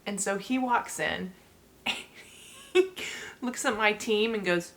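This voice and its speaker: A woman's voice: medium pitch, takes it slowly, a bit bright. Woman, forties, vlog host, casual storytelling, laughs often, talks to viewers. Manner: chatty, laughs often, speaks directly to viewers. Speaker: channel host sharing her story.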